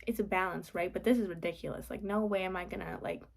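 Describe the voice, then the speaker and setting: A woman's voice: lowish voice, fairly even intonation, fast talker, gravelly, a little hiss or hum. A young woman venting casually in a late-night vlog from her apartment, rambling with lots of "like" and sometimes dropping to a whisper. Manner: rambling, frequent "like", drops to whispers. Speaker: vlogger.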